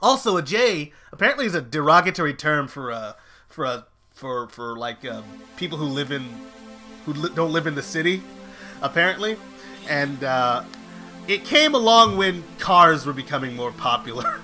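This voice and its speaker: A man hosting a live stream, rambling in casual chat, trailing off in fillers and then bursting out loud. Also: fairly high pitch, very animated, moderate pace, faint music behind. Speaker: stream host.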